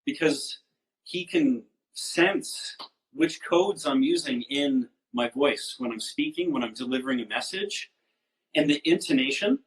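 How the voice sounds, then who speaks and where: A man's voice: mid-range voice, measured pace, poor audio. A man in casual conversation, telling stories about his son and acting out the lines of people in them. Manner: expressive, sings snippets and acts out quotes. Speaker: musician and guest.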